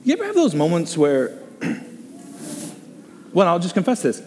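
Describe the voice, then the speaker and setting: Excitable preacher man in a reverberant hall. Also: sits high, moderate pace, a little hiss or hum. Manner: excitable, exclaims and jokes, reads listener comments aloud. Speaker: pastor leading a group discussion. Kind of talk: animated preaching.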